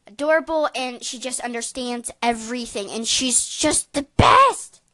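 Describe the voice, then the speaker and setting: A woman's voice: fairly high pitch, measured pace, bright, forceful tone, no echo, low-quality recording. A woman co-hosting a casual podcast, chatty and full of hesitant fillers. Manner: chatty, hesitant fillers, rating things aloud. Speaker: podcast co-host.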